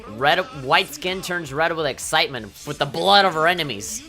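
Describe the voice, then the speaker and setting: Low-voiced, swearing woman gaming commentator. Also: moderate pace, faint music behind. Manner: animated, swears often, mock-indignant outbursts. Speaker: let's play commentator. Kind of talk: casual gameplay commentary.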